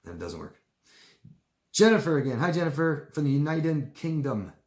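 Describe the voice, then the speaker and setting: This live coach speaks at normal speed with big swings in pitch, answering viewers' questions in a casual, repetitive, rambling manner. At times he mocks people by imitating them in high voices, and the recording is reverberant.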